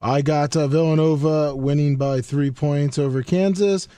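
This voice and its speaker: A man co-hosting a sports talk show, talking through his picks in a relaxed, agreeable way. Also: a little high, moderate pace, no echo.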